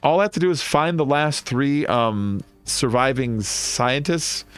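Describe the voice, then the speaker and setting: A man's voice: mid-range voice, lively intonation, a little slow, clean tone, no room sound, faint music behind. A young man talking casually and thinking aloud as he plays a video game, laughing often. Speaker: gaming streamer. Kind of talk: casual let's-play commentary.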